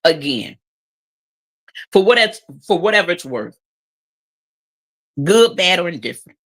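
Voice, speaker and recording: On her channel, a woman offers emotional, opinionated commentary, sarcastic and emphatic, repeating her points and saying she cries easily. Her lowish voice is a bit bright, swings widely in pitch, and moves at an unhurried pace.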